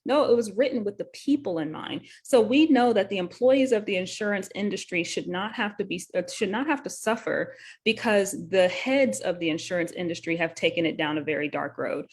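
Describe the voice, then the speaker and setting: A woman's voice: medium pitch, husky. A woman hosting a live talk show as a nurse, explaining a bill in an earnest, conversational way with many fillers and self-corrections. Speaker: host and nurse.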